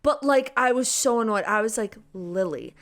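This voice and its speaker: A woman's voice: fairly high pitch, fairly quick, fairly bright tone. A young woman co-hosting a podcast and chatting casually about a novel, full of "like" and "literally". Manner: chatty, says "like" and "literally" often. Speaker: podcast co-host. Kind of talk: casual book chat.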